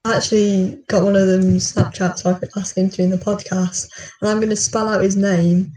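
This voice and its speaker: A young woman from Stafford co-hosts a podcast over a remote call, chatting loosely and laughing often. Her voice is mellow and a little dark. She sounds set back from the mic in an echoey room. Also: medium pitch, flat delivery, a little fast. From Stafford, England. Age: young adult. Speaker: podcast co-host. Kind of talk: casual chat. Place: student room at a university. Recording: roomy, distant call audio.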